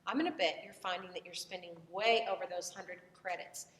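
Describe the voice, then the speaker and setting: A woman with a Southern American accent, a voice teacher lecturing in a relaxed, conversational way with frequent fillers and restarts. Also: on the low side, a little fast, slight background noise. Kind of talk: recorded lecture. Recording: echoey room, voice from far off the mic.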